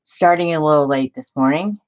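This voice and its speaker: Low-voiced woman chatting on a live stream. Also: brisk, highs cut off. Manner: chatty, laughs often, greets viewers by name. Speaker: live stream host greeting viewers. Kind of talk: casual live-stream chat while crafting.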